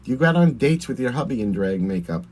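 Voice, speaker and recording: A man's voice: medium pitch, lively intonation, quick pace, a little mellow. A man with a Long Island accent, a drag performer chatting through a livestream while doing his makeup, answering viewer comments and laughing often.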